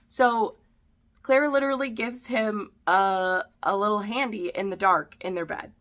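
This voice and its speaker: A woman's voice: mid-range voice, measured pace, a bit bright. A woman reviewing a book and its show adaptation in a chatty recap, reading passages aloud and lightly voicing the characters' lines.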